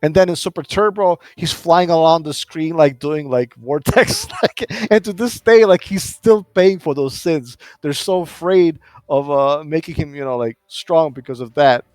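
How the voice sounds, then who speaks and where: A man's voice: a little high, darkish tone, dry recording. A man on a casual gaming podcast who explains his points at length, filling them with "like" and "right?". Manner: measured, explaining, many fillers.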